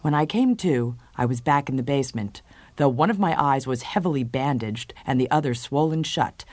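Deep-voiced woman narrating a story. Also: no echo. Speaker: story reader. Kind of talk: dramatic story reading.

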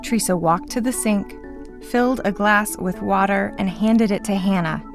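A woman reading a children's story aloud in a clear, expressive way. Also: mid-range voice, normal speed, music in the background. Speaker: story reader.

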